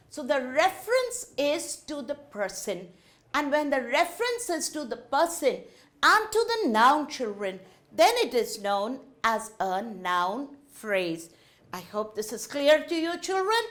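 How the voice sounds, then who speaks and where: A woman with an Indian English accent teaching a grammar lesson to children in a slow, sing-song teacherly way. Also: sits high, very animated, fairly bright tone.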